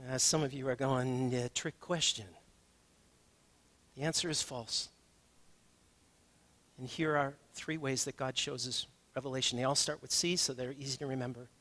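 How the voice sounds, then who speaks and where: A man's voice: medium pitch, fairly even intonation, normal speed, pauses often, pushed and bright. A male pastor preaching a conversational sermon, building to emphatic questions.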